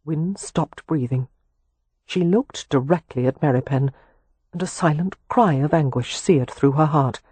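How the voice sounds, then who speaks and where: A woman with a husky voice giving a measured, expressive audiobook narration of a historical romance. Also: low-pitched, no room sound. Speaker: audiobook reader.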